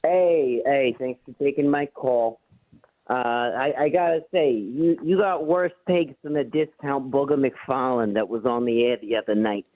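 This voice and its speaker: A man's voice: mid-range voice, measured pace. A man with a New York accent calling into a sports radio show, brash and mocking as he trash-talks the host. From the Bronx, New York. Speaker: caller. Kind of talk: call-in sports radio chat. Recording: tinny phone line.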